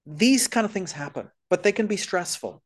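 A man's voice: sits high, animated, normal speed. Earnest man giving a church talk. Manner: earnest, explanatory, lists points. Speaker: speaker on missionary care.

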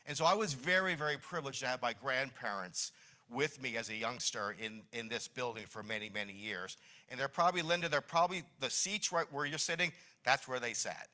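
A man's voice: medium pitch, a little fast, pushed and bright. A middle-aged man from New Jersey giving a reminiscing Mother's Day talk in a church hall, with many restarts. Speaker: church speaker.

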